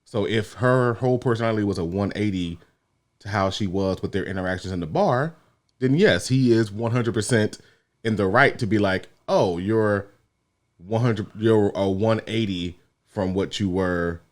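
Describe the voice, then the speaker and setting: Low-voiced man arguing casually. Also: moderate pace. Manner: laid-back, reasoning aloud, repeats "you know what I mean". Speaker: podcast co-host. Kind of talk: casual chat.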